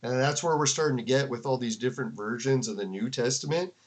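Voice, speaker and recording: A man talks through a debate in loose, rambling commentary for his chat. His speech is full of fillers and restarts. His voice sits at an ordinary middle pitch. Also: quick pace. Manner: rambling, filler-heavy, with frequent "like" and laughs. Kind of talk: casual commentary to a live chat.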